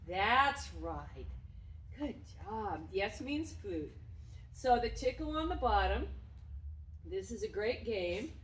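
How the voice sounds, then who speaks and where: A woman dog trainer explaining and demonstrating games with her dog, breaking into loud, effusive praise. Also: fairly high pitch, sing-song, slow pace, slight background noise. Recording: roomy sound from a distance.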